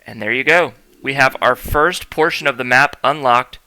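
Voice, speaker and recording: A man's voice: medium pitch, moderate pace, bright, forceful tone, clean tone. A man hosting a let's-play, commentating on gameplay in a playful, jokey way and talking straight to viewers. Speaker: gaming host.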